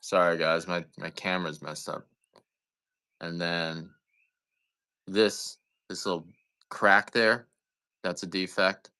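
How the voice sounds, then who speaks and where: A man's voice: sits low, steady tone, takes it slowly, long pauses, pushed and bright, smooth. A man chatting casually while selling coffee on a live stream, rambling, joking and swearing now and then. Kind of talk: casual live-sale chat.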